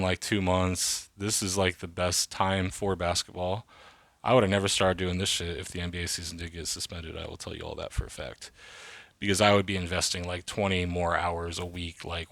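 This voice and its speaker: A man in his thirties talks on his own in a loose, rambling podcast monologue. He swears a lot and leans on fillers as he goes. His voice sits on the low side and sounds dry and close, with no room echo. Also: a bit bright. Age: 30s. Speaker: podcast host. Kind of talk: casual solo podcast monologue.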